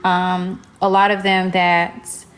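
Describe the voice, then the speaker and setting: A woman's voice: fairly low pitch, monotone, takes it slowly, rough recording. A woman being interviewed on a livestream, who gives short, matter-of-fact answers. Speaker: interview guest. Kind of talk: casual live interview.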